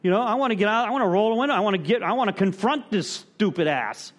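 A man's voice: high-pitched, fast talker. A man speaking to a recovery group, reading from the text and breaking in with his own comments, often checking that the room is with him. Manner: conversational, asks the room for agreement; animated storytelling.

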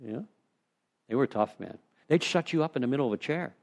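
In a meeting room, a man leads a recovery step study, telling rambling, conversational stories to the group and saying "you know" often. His medium-pitched voice is expressive, brisk, gravelly and darkish.

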